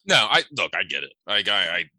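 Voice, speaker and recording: A man in casual chat, speaking in a measured way, hedging and restarting his sentences. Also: low-pitched, big pitch swings, sharp tone, no room sound.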